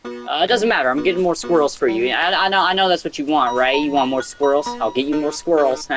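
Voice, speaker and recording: A man's voice: on the high side, normal speed, over music. A man giving casual gameplay commentary, swearing and yelping when he panics. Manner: excitable, swears, yelps in panic. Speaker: gameplay streamer.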